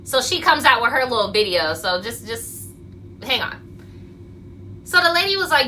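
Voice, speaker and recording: Bright-voiced woman ranting on a livestream. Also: fairly high pitch, measured pace, pauses often, slight background noise, rough recording. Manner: animated storytelling, acting out quotes, blunt and profane. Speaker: vlogger. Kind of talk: casual livestream rant.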